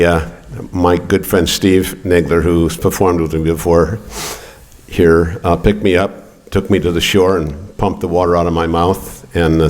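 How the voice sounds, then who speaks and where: Low-voiced older man telling a rambling story. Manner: rambling, profane, halting with fillers. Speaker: poet. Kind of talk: storytelling at a poetry reading. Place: art gallery.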